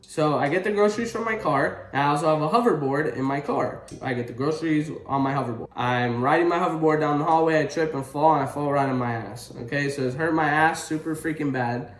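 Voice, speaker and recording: A young man vlogging casually, telling a story with swearing and loud, animated exclamations. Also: a little high, fairly quick, reverberant. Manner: animated, swearing, rising to exclaims when retelling pain.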